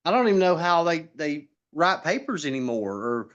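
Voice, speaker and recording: A man's voice: a little high, sing-song, moderate pace, a bit bright, dull audio. A man chatting casually on a podcast, telling rambling stories with lots of restarts and laughing at his own punchlines. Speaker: political candidate guest.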